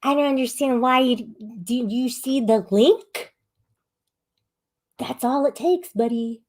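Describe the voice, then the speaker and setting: A woman hosting a live-stream panel, chatting casually, reading the chat aloud and scolding viewers in a rambling, sharp manner. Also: high-pitched, slow.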